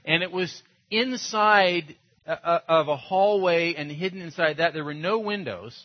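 A man's voice: fairly high pitch, measured pace. A man, a pastor preaching a sermon in a loose, conversational storytelling way, with frequent laughs and filler. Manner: conversational, anecdotal, laughs often. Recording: dull lo-fi sound.

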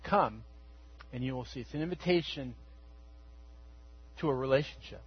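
A man's voice: medium pitch, normal speed, breathy edge, muffled recording. A man preaching a sermon as pastor, telling the story conversationally and acting out the quotes.

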